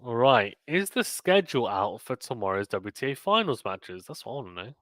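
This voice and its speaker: On a live tennis stream, a young man calls the match casually, chatting between points and reading out viewer comments. He speaks fairly quickly in a sing-song, medium-pitched voice with a fairly bright tone. The recording is dry.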